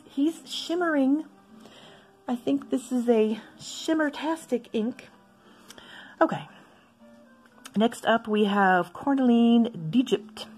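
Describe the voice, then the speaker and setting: A woman chatting casually as she swatches inks for her video, rambling into asides and gently poking fun at herself. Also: on the high side, husky. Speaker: stationery vlogger.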